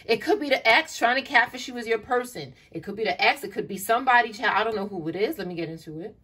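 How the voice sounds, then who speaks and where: A woman's voice: a little high, fast, bright, forceful tone, slightly rough. A woman giving an online tarot reading in a blunt, profane, exasperated way, often calling the listener "child". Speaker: tarot reader. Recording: distant mic, faint noise and clicks.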